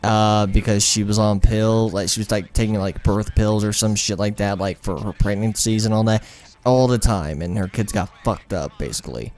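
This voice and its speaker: A man's voice: on the low side, normal speed, darkish tone. A young man telling a personal story over gameplay in a rambling, profane, frank way. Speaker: gaming storyteller.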